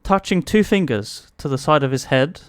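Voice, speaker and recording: A man's voice: fairly high pitch, animated, moderate pace, clean tone, no room sound, clean studio sound. A man narrating a tabletop game as game master, hesitant, with many fillers.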